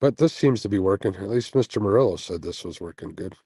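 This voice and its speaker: A man's voice: on the low side, lively intonation, quick pace, warm tone, breathy edge, no room sound, poor audio. A man hosting a casual fishing-channel livestream, chatting with viewers in a laid-back way and sounding sleepy. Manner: laid-back, chatty, with frequent fillers and little laughs. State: sleepy, yawning after a night without sleep. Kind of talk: casual livestream chat, reading viewer comments. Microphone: earbuds mic on a phone stream.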